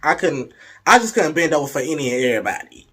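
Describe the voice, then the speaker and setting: A man's voice: a little high, sing-song, fast talker, fairly bright tone, breathy edge. A young man telling a frank, profane, playful story in a casual way, slipping into the voices of the people in it. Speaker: vlogger.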